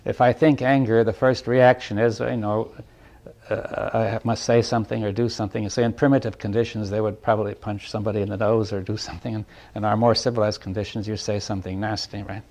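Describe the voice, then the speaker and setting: A man giving a reflective talk to a group, thinking aloud in halting phrases, checking in with "right?" and chuckling lightly between points. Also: fairly low pitch, little pitch movement, darkish tone. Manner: thoughtful, halting, often asks "right?". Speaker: speaker leading a group dialogue.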